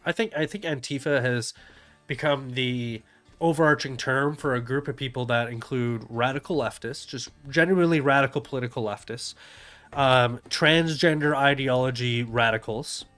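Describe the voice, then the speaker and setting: A man's voice: medium pitch, normal speed, a bit bright. A man streaming a casual rant commentary over videos, blunt and profane, often sneering and laughing. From Canada.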